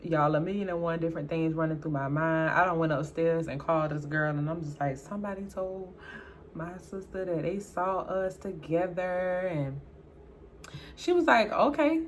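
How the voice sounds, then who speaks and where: Against a faint hiss or hum, a young woman who vlogs about beauty talks at a moderate pace as she applies makeup. Lively and full of Southern US slang, she plays both parties in a dialogue and her voice leaps up whenever she exclaims.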